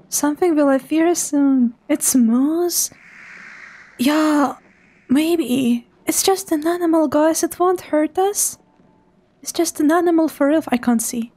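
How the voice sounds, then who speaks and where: A woman's voice: high-pitched, takes it slowly, mellow. A woman streamer giving live commentary on a horror game, talking to her chat and dropping to a whisper when she gets scared.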